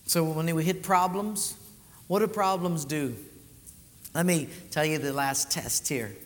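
A man's voice: on the high side, measured pace. A man preaching a sermon, telling stories and acting out the voices of the people in them. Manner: animated storytelling, acts out quoted voices. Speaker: pastor. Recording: live hall reverb.

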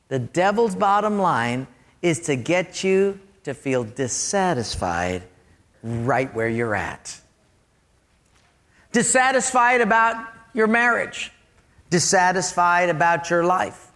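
A male pastor delivers a sermon, emphatic and animated, tossing questions out to his listeners. His voice sits high and swings widely in pitch.

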